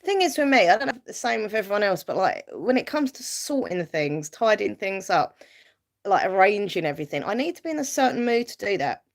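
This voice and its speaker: A woman's voice: medium pitch, sing-song, a little fast. A woman casually chatting on a live stream, reading viewer comments aloud and answering them, rambling with fillers and light laughs. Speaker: YouTuber hosting a live stream.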